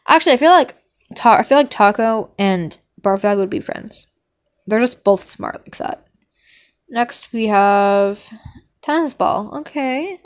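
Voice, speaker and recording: A woman talking casually and meandering through her opinions, trailing off into hums and ums, sometimes bursting into mock outrage. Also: fairly high pitch. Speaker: vlogger ranking cartoon characters. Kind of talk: casual rambling commentary.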